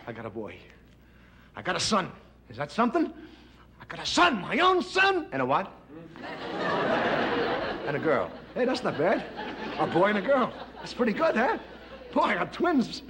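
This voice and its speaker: A man's voice: high-pitched, huge pitch swings, moderate pace, long pauses, some chatter behind, heavily acted. An actor playing a nervous middle-aged expectant father in a 1960s TV sketch, repeating himself and laughing nervously. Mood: excited. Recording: old TV broadcast, loud studio audience, noisy.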